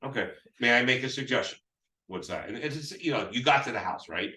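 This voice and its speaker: A real estate sales trainer delivers a live talk on phone scripts in a mid-range, bright voice that's animated, forceful, and fairly quick. He rambles with many restarts and role-plays both parties, seller included. The mic is far off in an echoey room.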